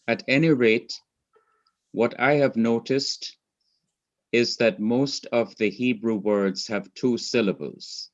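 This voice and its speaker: A man's voice: on the low side, dull audio. A man teaching a class, explaining step by step, repeating his points and quizzing a student. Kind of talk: class lecture.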